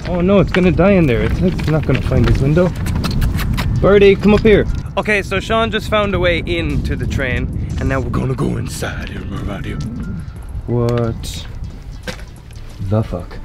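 A young man filming a casual travel vlog, excitable and swearing freely. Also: medium pitch, moderate pace, music in the background. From Ireland. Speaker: vlogger. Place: outdoors and inside an abandoned train.

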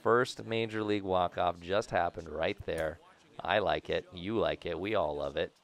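A man's voice: low-pitched, moderate pace. A young man rambling and joking to viewers while commentating a video game he is playing. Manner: rambling, jokey, talks to viewers; bursts into loud shouting at big plays. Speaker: gaming video host. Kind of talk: casual gameplay commentary.

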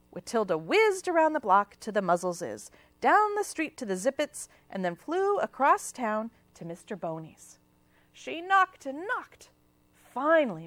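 A woman's voice: mid-range voice, a bit bright, dry recording. A woman telling a children's story at library storytime, reading expressively. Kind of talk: children's storytime read-aloud.

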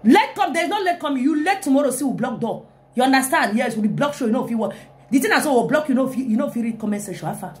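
A young woman, hyping her comic live video in an animated way with frequent exclamations. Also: high-pitched, fast. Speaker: live-stream comedian.

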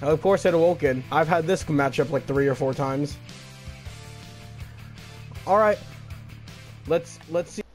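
A young man narrates his online matches with cocky, taunting trash talk, jeering at his opponent and bragging about his own play. His voice sits fairly high for a man. Clear game music runs behind him. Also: slow pace, long pauses, a little mellow. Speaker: gaming channel host. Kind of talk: live gameplay commentary.

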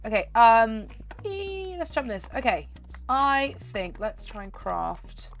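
A woman chatting excitedly through gameplay commentary, her voice nasal and slightly hoarse. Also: on the high side, takes it slowly. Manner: chatty and excitable, talking to viewers. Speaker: gaming channel host.

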